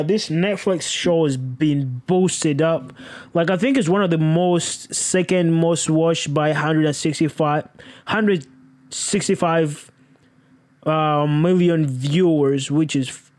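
A young man vlogging in a profane, rambling way, breaking into sudden high exclamations. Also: a little mellow. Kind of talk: casual rambling chat.

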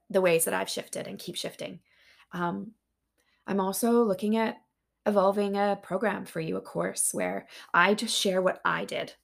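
A woman hosting a podcast, talking openly and earnestly in a casual, heartfelt monologue that turns excitable at times. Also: fairly low pitch, gravelly. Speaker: podcast host.

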